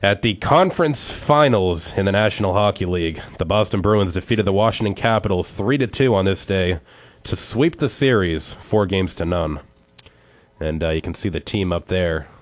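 A man co-hosting a casual talk show, telling a joke with animated acted shouts. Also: deep voice, normal speed, no room sound. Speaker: co-host.

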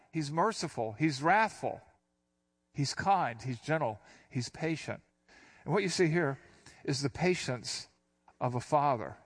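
An older pastor with a mid-range voice gives a conversational Bible teaching. He reads verses aloud, then unpacks them in a relaxed, explanatory way.

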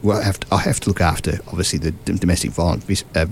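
A man's voice: deep voice, fast, creaky, slight background noise. A middle-aged Australian man chatting on radio as a footy correspondent, friendly and rambling, often chuckling. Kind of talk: casual radio chat. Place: radio studio. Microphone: studio microphone.

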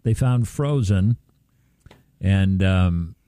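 A male radio co-host in casual chat, making wry quick asides. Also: sits low, lively intonation, warm tone, no echo.

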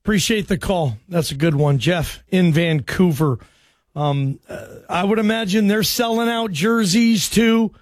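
High-voiced excitable sports radio host. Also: male voice, measured pace, no room sound. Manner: loose, excitable, joking banter. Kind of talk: call-in sports radio talk.

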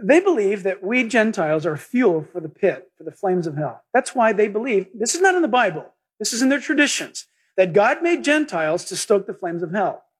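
Husky, high-voiced preaching pastor. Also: male voice, brisk. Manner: animated preaching, acting out quoted voices. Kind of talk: sermon.

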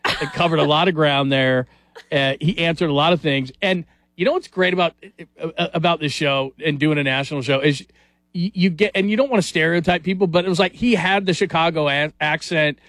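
A man's voice: a little high, a little fast, no room sound. Brief: male sports radio host, upbeat and rambling, close dry mic. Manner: energetic, rambling, enthusiastic.

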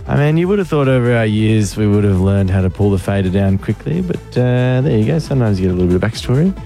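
Fast-talking aussie radio guy, upbeat, music low underneath. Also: lively intonation, gravelly, dark tone. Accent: Australian. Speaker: radio host. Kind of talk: radio show banter.

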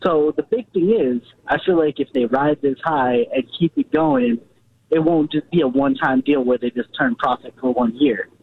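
A man's voice: a little high, expressive, moderate pace, vocal fry, a little hiss or hum. A man calling in to a sports radio show, earnest and repeating his points. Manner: earnest, repetitive. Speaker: caller. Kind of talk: phone-in caller. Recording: tinny phone line, dry.

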